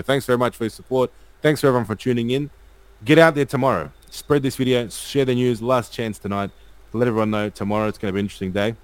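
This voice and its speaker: A man's voice: mid-range voice, clear, resonant tone, poor audio. A man hosting a casual live stream, reading viewer comments aloud and rallying his audience.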